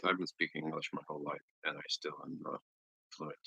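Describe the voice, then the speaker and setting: An American man chatting casually on a live stream, rambling and joking with long pauses. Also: flat delivery, bright, forceful tone, dry recording. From United States. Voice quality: slow, low, gravelly voice. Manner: rambling, jokey, drawn-out phrasing with long pauses. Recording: dull, lo-fi, dry stream audio.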